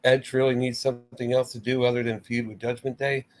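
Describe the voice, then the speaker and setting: A man's voice: mid-range voice, little pitch movement, a little fast, a little mellow. Rambling, exasperated male wrestling channel host. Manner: rambling, exasperated, swears, mimics his own reactions. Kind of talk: casual livestream commentary.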